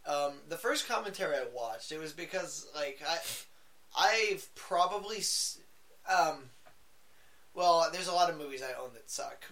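A man's voice: fairly high pitch, animated, a little slow, fairly bright tone. A man co-hosting a podcast in casual chat, rambling and profane with many fillers and restarts. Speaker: podcast co-host. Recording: faint background noise, poor audio.

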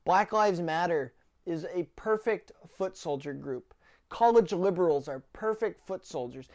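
A woman's voice: on the low side, lively intonation, measured pace, darkish tone. A woman hosting a podcast, delivering heated political commentary full of swearing and stumbling, repeated words. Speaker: podcast host.

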